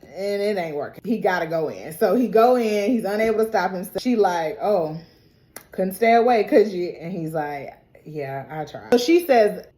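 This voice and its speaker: A woman with an ordinary mid-range voice runs through a TV episode in a casual, chatty recap. She acts out the characters' lines with sudden leaps in pitch and laughs often along the way. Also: normal speed. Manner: animated, acts out quoted lines with big pitch jumps. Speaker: TV recap vlogger.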